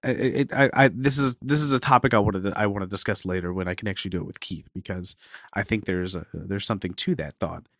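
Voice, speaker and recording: A man co-hosts a podcast and talks earnestly, restarting his sentences as he goes. His voice is low. The sound is dry and close. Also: fast talker, fairly bright tone, no echo. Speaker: podcast co-host. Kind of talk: casual podcast talk.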